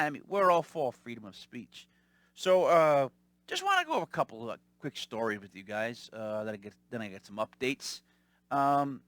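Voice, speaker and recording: Animated, bright-voiced man telling stories. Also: fairly high pitch, no echo. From Italian-American family. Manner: animated, rambling, mimics callers. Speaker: podcast host. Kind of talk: casual storytelling monologue.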